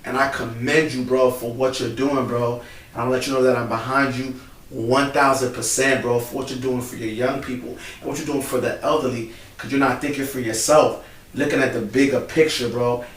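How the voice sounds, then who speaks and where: A man's voice: mid-range voice, fairly even intonation, a little fast. A man in casual, emotional chat, peppering his talk with "bro" and "man", recorded in a church building. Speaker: co-host. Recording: roomy, distant mic, faint background noise.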